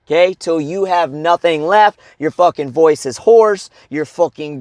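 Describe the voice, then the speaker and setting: A man's voice: on the high side, a little slow, few pauses, no echo, studio quality. Blunt, profane male coach. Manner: blunt and heavily profane, keeps asking "okay?" and "right?". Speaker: life coach. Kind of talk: motivational advice talk.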